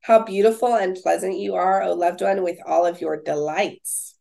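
A young woman with a lowish voice and a gravelly edge, co-hosting a casual faith-based chat. She reads scripture aloud, then talks it over with easy fillers. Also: fairly even intonation, normal speed, warm tone. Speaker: podcast co-host.

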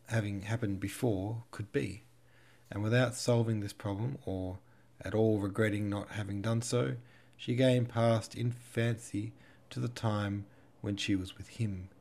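Guy narrating a novel, low steady voice, calm measured reading. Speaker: audiobook narrator and podcast host. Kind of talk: literary audiobook narration.

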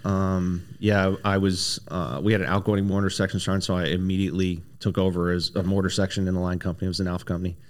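A man, a former army special operations soldier, telling long stories as a podcast guest, animated and full of fillers and restarts. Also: low-pitched, fast talker, hardly any pauses. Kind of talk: casual interview storytelling.

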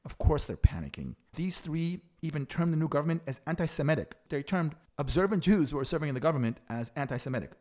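Animated, outspoken male political commentator. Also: a little high, fast talker, few pauses. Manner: frank and sarcastic, explains to viewers. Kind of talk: opinionated explainer commentary.

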